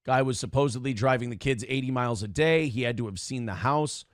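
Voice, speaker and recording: A man's voice: mid-range voice, a little fast, dry recording, clean studio sound. A man telling a rambling, self-correcting story in a casual livestream, acting out what others said. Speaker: streamer reading chat and telling a story.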